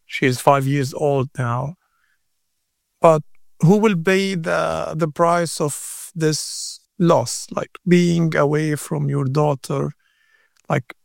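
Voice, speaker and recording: An interview guest from Gaza, a native Arabic speaker, gives an emotional answer in a slow, gravelly, fairly high-pitched voice. He sounds halting and earnest, repeating words, in clean studio sound with no room noise.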